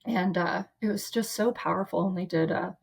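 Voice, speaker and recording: Heartfelt lower-voiced woman therapist. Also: normal speed, creaky, husky. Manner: heartfelt, frequent "like" and restarts. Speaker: trauma therapist, guest. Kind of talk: casual storytelling.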